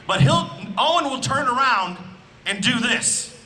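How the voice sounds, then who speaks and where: A man from Indiana performing a loud, animated stand-up comedy set on an outdoor festival stage, speaking into a handheld mic. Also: very high-pitched, a little slow, poor audio. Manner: loud, animated, punching up lines with shouts.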